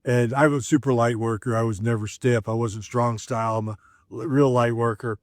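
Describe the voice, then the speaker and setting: A man's voice: mid-range voice, steady tone, normal speed, no room sound, clean studio sound. A middle-aged man, a former wrestler, telling stories in a casual, rambling way with lots of fillers and restarts. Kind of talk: casual storytelling.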